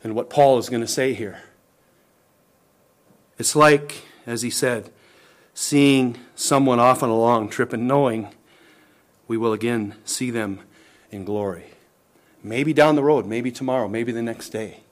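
A man preaching a sermon, impassioned, swinging between loud rising lines and hushed low ones, calling questions out to the congregation. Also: measured pace, long pauses. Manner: impassioned, rising and dropping to near-whispered lows.

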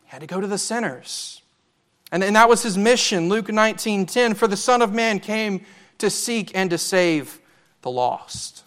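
A man with a high voice preaches from the pulpit. He is earnest and emphatic and keeps asking his hearers rhetorical questions. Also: expressive, normal speed, a bit bright. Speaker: pastor. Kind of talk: sermon.

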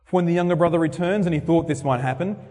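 A man preaching a sermon in church, dramatic, acting out quoted speeches with big swings in voice. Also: fast talker. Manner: dramatic, acts out quoted speeches with sharp swings in pitch and loudness. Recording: long reverb of a large hall.

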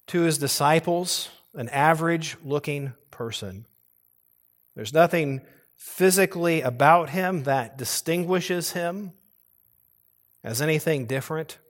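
Earnest preaching man, fairly high voice. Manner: earnest preaching, rising to emphatic stress on key words; occasional restarts and repeated phrases. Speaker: pastor. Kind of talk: sermon.

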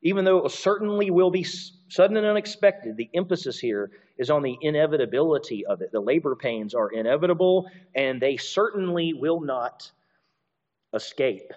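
A man's voice: a little high, lively intonation, moderate pace, a little mellow, lo-fi sound. A man preaching through a Bible passage in a conversational way, restarting sentences and posing rhetorical questions to his listeners. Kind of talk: expository sermon.

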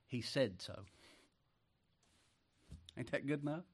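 Folksy Southern preacher with rhetorical questions. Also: male voice, mid-range voice, takes it slowly, breathy edge. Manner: folksy, rhetorical questions, chuckles between points; swings between hushed asides and emphatic outbursts. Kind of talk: sermon.

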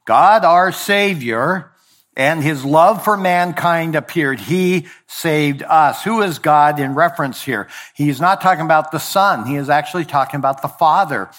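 A man preaching a sermon deliberately, slowing on key phrases and dropping low at the ends of lines, with the odd slip he corrects. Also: fairly bright tone. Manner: occasional verbal slips and self-corrections. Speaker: pastor.

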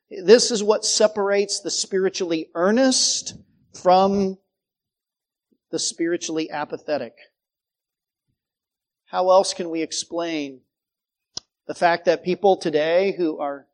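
A man preaching a sermon in an earnest way, asking rhetorical questions and swinging between emphatic peaks and quiet low passages. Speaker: pastor.

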